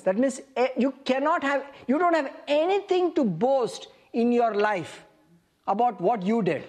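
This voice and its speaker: A woman's voice: a little high, animated, moderate pace. A woman preaching a sermon, reading scripture aloud and asking the congregation questions.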